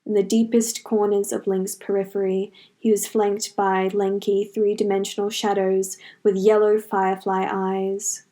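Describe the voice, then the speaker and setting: A woman narrating a fantasy fanfiction story in a measured, dramatic storytelling manner. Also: medium pitch, little pitch movement, dark tone. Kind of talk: audiobook fanfiction reading.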